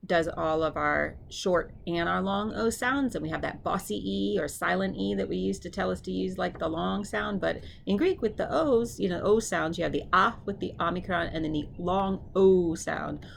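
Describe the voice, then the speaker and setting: A woman tutoring her classmates, casually explaining each word and then repeating it slowly and clearly. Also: lowish voice, slight background noise. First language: English. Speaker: seminary student tutoring classmates. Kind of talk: informal pronunciation drill.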